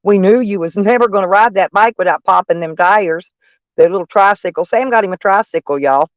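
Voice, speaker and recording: A woman's voice: medium pitch, a little fast, dry recording, poor audio. A middle-aged woman chatting casually on a live stream, mocking and sarcastic toward trolls in her chat. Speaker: van life streamer.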